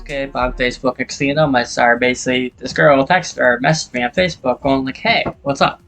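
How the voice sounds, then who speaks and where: A man's voice: mid-range voice, fast talker, vocal fry. Late-20s male gamer, casual profane storyteller, faint music under. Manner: rambling, profane, animated when retelling. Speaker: gaming YouTuber. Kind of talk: casual storytelling over gameplay.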